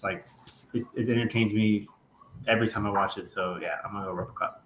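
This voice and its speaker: Bright-toned man in an echoey room. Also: lowish voice, fairly even intonation, fast, slight background noise. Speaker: podcast panelist. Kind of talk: casual movie chat. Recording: roomy echoey mic.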